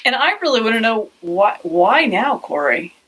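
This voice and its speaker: Bubbly woman with a lively higher voice. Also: moderate pace, husky. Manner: bubbly, laughs often, steers the talk. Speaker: podcast host. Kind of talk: casual podcast chat.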